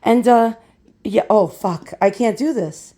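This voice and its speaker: A hoarse woman hosting a vintage glass video, with a creaky, croaky voice she is losing. She rants profanely and jokes at her own expense. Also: fairly high pitch, unhurried, mellow. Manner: profane, ranting, self-deprecating. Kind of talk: casual vlog talk.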